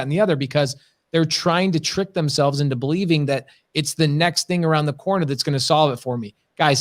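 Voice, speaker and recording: A man co-hosting a live business stream, talking emphatically in rhetorical questions. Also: a little high. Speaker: podcast co-host.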